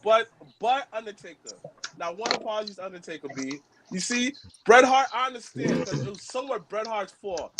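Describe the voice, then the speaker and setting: A man talking wrestling on a podcast, animated and profane, full of slang. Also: sits high, brisk, crowd noise. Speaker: podcast co-host. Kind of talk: casual chat.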